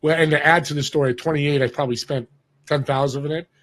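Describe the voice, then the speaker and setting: Husky-voiced man telling a story. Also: fairly high pitch, fast. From Northern California. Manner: animated storyteller who acts out quoted voices. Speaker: podcast guest. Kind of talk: casual storytelling interview.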